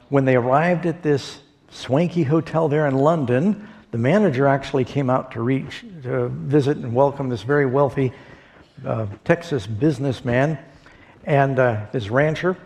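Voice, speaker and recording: A man's voice: mid-range voice, darkish tone. Pastor guy preaching, folksy storyteller, lots of um and uh, big church reverb. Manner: folksy storytelling with pauses and fillers. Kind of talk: sermon. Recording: long hall reverb.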